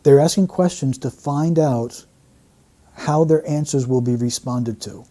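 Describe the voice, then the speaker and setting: A man's voice: mid-range voice, unhurried, warm tone. A man analysing an interview clip, explaining the wording of a statement phrase by phrase. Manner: explanatory, breaks down quotes phrase by phrase. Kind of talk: analytical commentary.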